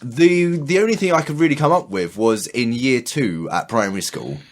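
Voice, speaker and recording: A man's voice: mid-range voice, moderate pace. A British man co-hosting a podcast, chatting casually and telling rambling stories with restarts and swearing. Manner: animated, swearing, storytelling with restarts. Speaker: podcast co-host. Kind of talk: casual chat.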